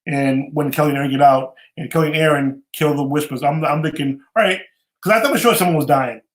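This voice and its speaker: A man with a slightly high voice hosts a podcast and recaps episodes in loose, chatty talk. He often stumbles and repeats words as he goes. The room around him rings with echo. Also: fast. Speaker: podcast host. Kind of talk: casual recap chat.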